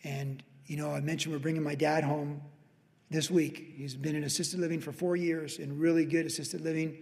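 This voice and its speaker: A man's voice: fairly high pitch, flat delivery, normal speed, vocal fry, darkish tone. A middle-aged man teaching verse by verse as a pastor, emphatic and conversational, with frequent restarts. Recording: long reverb of a large hall.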